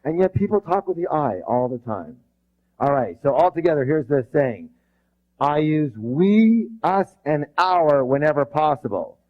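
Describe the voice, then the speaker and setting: Male seminar leader, high-ish voice, energetic call-and-response, muffled lo-fi audio. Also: unhurried. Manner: energetic, drills the audience with rhetorical questions; emphatic, bursts loud when stressing passion. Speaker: motivational seminar speaker. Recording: dull lo-fi recording.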